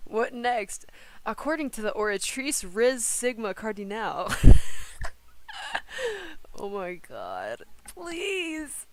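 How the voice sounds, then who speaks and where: A young adult woman gives casual gameplay commentary in a slightly high voice. She talks slowly and giggles through her slangy, chatty remarks. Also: sing-song, a little hiss or hum. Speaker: streamer.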